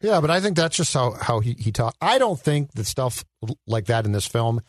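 Dude on a movie podcast, lively up-and-down voice, rambly, dry sound. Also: male voice, medium pitch, moderate pace, no echo. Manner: animated, rambling with restarts. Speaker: podcast co-host. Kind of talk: casual film chat.

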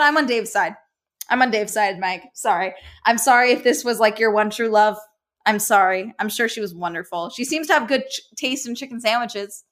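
Bright, lively woman podcast host. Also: on the high side. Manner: chatty, laughs often, playful running commentary. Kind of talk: casual podcast chat, reading listener stories.

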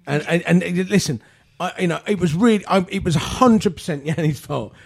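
A man's voice: sits high, moderate pace, creaky. A man, a regular on a football podcast, blunt and sweary, often stumbling into his sentences. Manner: blunt, sweary, hesitant starts. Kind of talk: casual football chat.

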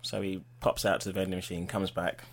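A man's voice: low voice, level tone, fairly quick, a little hiss or hum. Chatty man swapping football anecdotes. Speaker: football fan podcast co-host. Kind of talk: casual chat.

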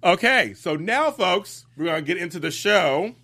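A man's voice: sits high, expressive, moderate pace, bright, forceful tone. A man co-hosting a casual talk show aftershow, chatty and laughing often. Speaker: co-host. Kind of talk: casual chat.

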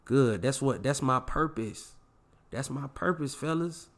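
A man's voice: mid-range voice, unhurried, fairly bright tone. A man in his forties hosting a podcast, giving emphatic, preachy life advice in casual slang and repeating lines for effect. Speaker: podcast host. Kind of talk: motivational casual podcast talk.

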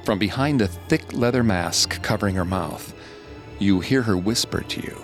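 Middle-aged guy with a lowish voice telling a creepy story slow and hushed, faint music under it. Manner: slow, hushed, suspenseful delivery. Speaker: podcast host and narrator. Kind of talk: scripted horror narration. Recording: studio narration over faint music.

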